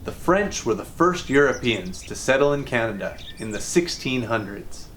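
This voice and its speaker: A man teaching English to learners in a scripted lesson, explaining grammar clearly and deliberately. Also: medium pitch, expressive, fairly bright tone, a little hiss or hum.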